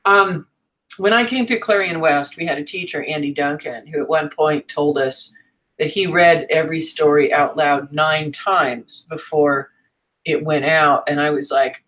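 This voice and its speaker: A woman's voice: deep voice, a little slow, fairly bright tone, rough recording. A woman teaching a writing class in a frank, chatty way, with fillers and asides. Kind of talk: casual teaching talk.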